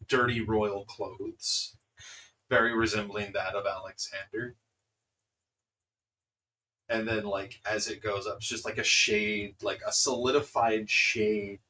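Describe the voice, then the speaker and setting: A man playing a tabletop game, describing his character haltingly. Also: fairly low pitch, bright, forceful tone. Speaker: player.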